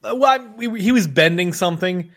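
Joking man, lively pitch. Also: fast. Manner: joking, laughs easily, storytelling. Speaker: podcast co-host. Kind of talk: casual chat.

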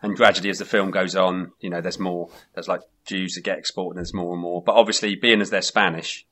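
Man, low voice, laid-back co-host, casual chat, trailing off. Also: little pitch movement, a little fast, a bit bright.

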